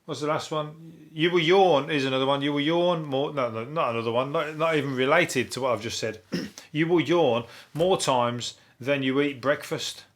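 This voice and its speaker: A man hosting a solo comedy news podcast, rambling through stories with dry deadpan humour, frequent swearing and chuckles. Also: fairly high pitch, moderate pace, hardly any pauses. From England. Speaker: podcast host.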